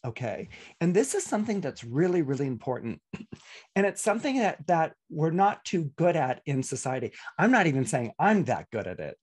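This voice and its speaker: A man's voice: a little high, big pitch swings, normal speed, a little mellow, husky. A middle-aged man, an astrologer, talking casually on a podcast with many restarts and playful asides. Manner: chatty, many restarts and acted-out quotes.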